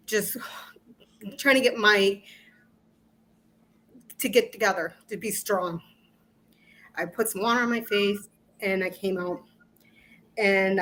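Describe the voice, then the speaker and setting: A middle-aged woman, an interview guest, tells an emotional personal story at a slow, unhurried pace. She halts often and circles back over her own words. Now and then nervous laughter breaks in. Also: mid-range voice, a bit bright, poor audio. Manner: halting, repeats herself, laughs nervously.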